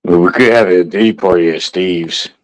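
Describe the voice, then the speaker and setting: Man, livestream host, low-ish voice, rambling casual chat. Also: normal speed, poor audio. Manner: rambling, repeats himself, relaxed.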